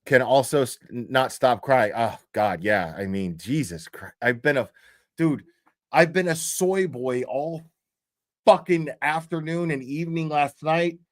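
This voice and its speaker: A man's voice: mid-range voice, a little slow, dry recording, clean studio sound. A man hosting a livestream, talking casually in a profane, mocking rant. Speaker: streamer host.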